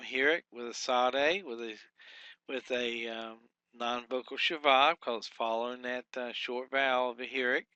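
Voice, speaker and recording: A man teaching a recorded workbook lesson, methodically thinking aloud and sounding out syllables slowly. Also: medium pitch, bright, forceful tone, clear, resonant tone, no echo, muffled recording. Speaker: Hebrew teacher.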